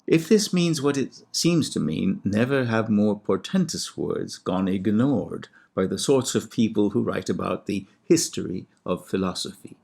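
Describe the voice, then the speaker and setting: A man, a classics scholar, giving a measured and precise lecture on ancient poetry with a lightly wry touch. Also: on the low side, expressive, gravelly, darkish tone, husky. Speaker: classics scholar and podcast host. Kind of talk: scripted lecture with recited Greek verse.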